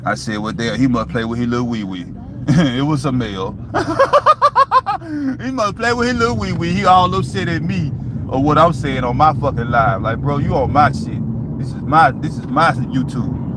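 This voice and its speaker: Guy talking to his youtube viewers outside, cussing a lot, "you know what im saying" every line, street noise all around. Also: a little high. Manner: loose, profane, repeats "you know what I'm saying". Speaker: YouTube vlogger. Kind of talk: casual motivational talk to viewers.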